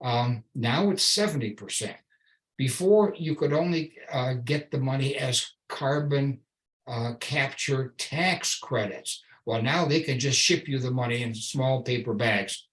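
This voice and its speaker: A man giving a public slide lecture, wry and sarcastic, stressing key words slowly, with frequent restarts and fillers. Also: medium pitch, a bit bright, poor audio. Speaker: invited speaker giving a slide talk.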